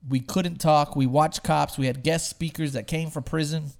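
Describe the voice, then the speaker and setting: A young man, chatting casually and telling an animated story, swearing freely and shouting out the voices of the people he quotes. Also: a little high, moderate pace, gravelly. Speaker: storyteller guest. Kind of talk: casual podcast chat.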